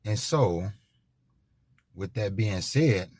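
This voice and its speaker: A man's voice: fairly low pitch, animated, very slow, darkish tone, no room sound, studio quality. Rambling man with emphatic restarts. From United States. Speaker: commentator. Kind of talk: unscripted monologue.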